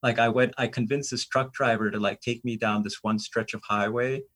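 A man's voice: mid-range voice, moderate pace. A middle-aged American man telling travel stories in casual, rambling conversation, full of fillers and restarts. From United States. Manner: rambling, animated anecdotes with many fillers. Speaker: guest.

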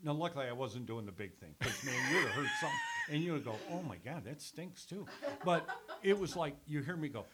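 An older man, a former radio sales executive and sports announcer, telling stories in casual conversation as a lively storyteller who swears casually. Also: fairly high pitch, fast, very noisy. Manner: animated storyteller, swears casually, laughs through anecdotes. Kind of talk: casual reminiscing chat.

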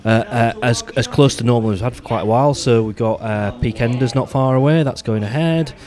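A man's voice: mid-range voice, a little fast, a little mellow. A man hosting a casual podcast chat, easygoing and dry-humoured, often restarting his sentences. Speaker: podcast host.

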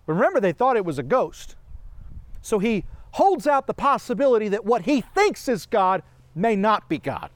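A man preaching a sermon, animated, asking rhetorical questions and laughing often. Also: sits high, moderate pace, no echo.

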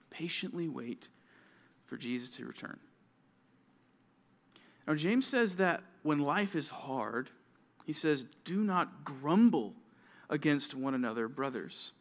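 A man with a somewhat high voice preaches to a room of junior high students. He keeps it conversational and lively. Now and then he slips into quick mock voices of grumbling kids. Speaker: youth pastor.

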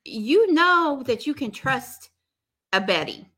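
Animated bright-voiced woman chatting. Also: high-pitched, slow. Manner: animated, talks through laughs. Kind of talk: casual chat recapping reality TV.

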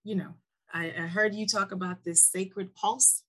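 A woman's voice: mid-range voice, steady tone, unhurried, a bit bright, husky. A woman hosting a casual podcast interview, affirming her guest and repeating her praise. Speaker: podcast host.

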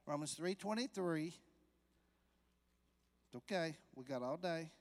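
Male preacher in a church sanctuary, somewhat high-pitched voice, chatty sermon delivery that builds to loud emphasis, long reverb. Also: animated, unhurried. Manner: conversational preaching that swells to loud emphatic peaks; questions the congregation directly.

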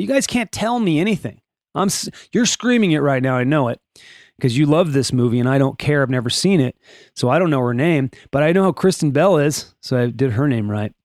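With a slightly high, somewhat mellow voice, this podcast host works through his casual daily show from a home room. He reads items, stumbles over names, and drifts into wry asides, all in clean, echo-free studio sound.

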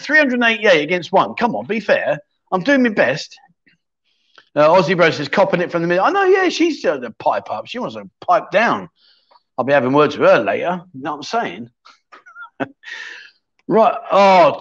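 A man runs a quiz on his casual livestream, ribbing the people in the chat. His voice sits on the high side and leaps about with lively swings. The sound is dull and lo-fi, as from a streaming setup. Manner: cheeky banter with viewers in chat. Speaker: livestream chat show host.

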